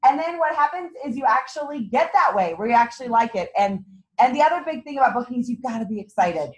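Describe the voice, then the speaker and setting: A woman's voice: on the high side, expressive, fast talker, rough recording. A woman leading a sales meeting, giving a bubbly motivational talk to a small group and laughing often. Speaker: team leader running a sales meeting.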